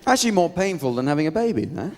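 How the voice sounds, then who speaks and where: A man with an English accent doing a live stand-up routine on a theatre stage, telling stories in a dry, deadpan way. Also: a little high, racing. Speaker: stand-up comedian. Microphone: stage microphone. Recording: live theatre recording with crowd and noise. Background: audience laughter.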